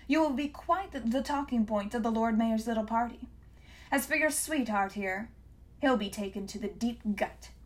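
A cold, smug engineer barks orders in a sharp, commanding tone, as a woman reads him in an audiobook. He relishes the fear he causes. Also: a little high, normal speed, natural voice. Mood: menacing. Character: cold, menacing male engineer, tall and smug.

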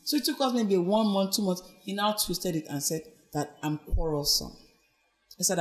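A woman as a podcast guest, telling her personal story in an earnest, reflective way and animatedly acting out what others said. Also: normal speed. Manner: animated, acts out quoted speech with big pitch swings.

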